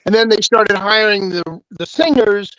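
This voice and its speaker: A man chatting casually as a co-host, slow and deliberate with chuckles. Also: high-pitched, a bit bright, no room sound. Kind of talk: casual chat. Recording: dull, dry lo-fi audio.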